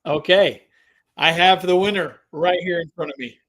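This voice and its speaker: A man's voice: high voice, fairly even intonation, normal speed, a bit bright, a little hiss or hum. A man hosting a live stream giveaway, chatting to viewers and drawing out the suspense. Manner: hypes and drags out suspense, talks to chat.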